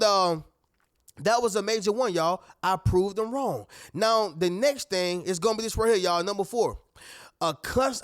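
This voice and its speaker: High-voiced man giving a casual pep talk. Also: no echo, clean studio sound. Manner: preachy, addresses viewers as y'all and family; conversational with many fillers and asides. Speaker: motivational YouTuber. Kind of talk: casual motivational talk to camera.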